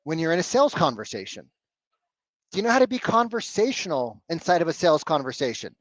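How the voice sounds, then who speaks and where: A man coaching salespeople live on a video call, blunt and animated, swearing casually. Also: on the high side, fast talker, dry recording, rough recording.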